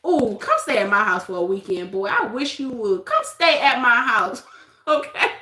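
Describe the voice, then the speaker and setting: A woman hosting a casual livestream, telling stories with animated acted-out quotes; she coaches youth basketball. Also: on the high side, normal speed, echoey room. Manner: animated storytelling, acts out quotes. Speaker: livestream host.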